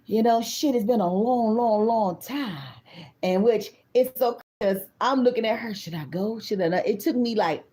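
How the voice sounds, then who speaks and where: A woman in her fifties tells a story in a loose, casual way. Her voice is mellow and dark. She talks bluntly, swears freely and turns to her viewers as if they were close friends. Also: fairly high pitch. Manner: blunt, profane, animated, talks straight to the viewers. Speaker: tarot reader.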